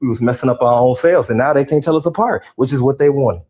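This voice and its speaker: Agreeable Chicago man, husky voice. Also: mid-range voice, fast, darkish tone. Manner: agreeable, repeats himself, many affirmations. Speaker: guest. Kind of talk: casual call-in chat.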